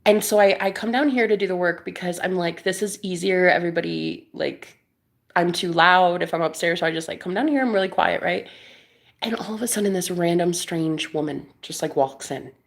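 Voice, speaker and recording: Animated woman telling a story. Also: lowish voice, fairly quick, gravelly. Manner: animated, laughing, acts out quoted voices, drops to whispers. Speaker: vlogger. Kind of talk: casual storytelling chat. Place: Airbnb room indoors.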